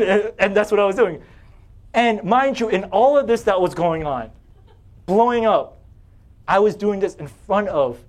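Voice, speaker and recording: Young pastor, male, high voice, lively storytelling sermon that climbs when he gets heated. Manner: animated, self-deprecating, often rising in pitch and volume when retelling anger.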